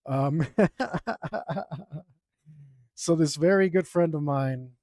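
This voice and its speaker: A man's voice: a little high, slow pace, a little mellow, dry recording, clean studio sound. A young man, an artist, telling a story in a laid-back, rambling way with lots of ums while he draws. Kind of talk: casual storytelling while drawing.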